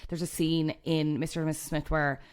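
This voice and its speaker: A young Irish woman chatting as a podcast guest, gushing, with quick asides. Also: deep voice, little pitch movement, clean tone. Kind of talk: casual chat.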